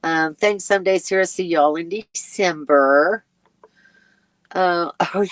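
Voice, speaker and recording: A woman with a fairly low voice chats through a casual live stream. She reads viewer comments aloud and rambles along with plenty of ums and small laughs. She sounds sleepy, and her voice comes across dry and close, with no room echo. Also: unhurried. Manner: chatty and rambling, with frequent ums and little laughs. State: sleepy and yawning. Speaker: RV travel vlogger hosting a live chat.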